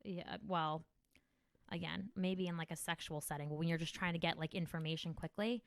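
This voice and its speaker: A woman's voice: fairly low pitch, a little fast, no echo, studio quality. A woman from New Jersey hosting a comedy podcast, rambling and swearing freely in casual chat. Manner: profane, rambling, animated storytelling.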